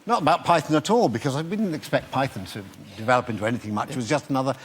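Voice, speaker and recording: Quick, lively older man on a talk show. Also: mid-range voice, slightly rough. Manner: modest, self-deprecating, chuckling. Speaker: guest.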